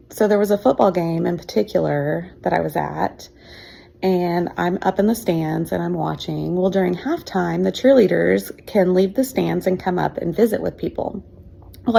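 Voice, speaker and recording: A woman's voice: on the low side, gravelly, warm tone, breathy edge. A woman in her fifties, a teacher, telling her own adoption story in an emotional, chatty way with fillers and laughs. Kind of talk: personal storytelling.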